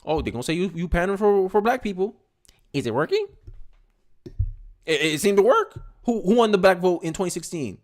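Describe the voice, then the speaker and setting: A young man with a high-sitting voice talks politics on his own livestream, casual and animated. Once he builds momentum, quick asides and repeated words creep in.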